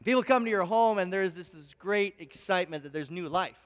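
Male preacher, very high voice, storytelling sermon, repeats words, long hall reverb. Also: fairly quick. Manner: storytelling with frequent stammered restarts.

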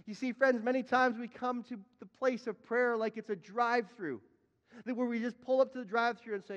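A man preaching a sermon as a pastor, emphatic, repeating his words and now and then crying out loud. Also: extremely high pitch, fairly even intonation, brisk, big-room sound, highs cut off.

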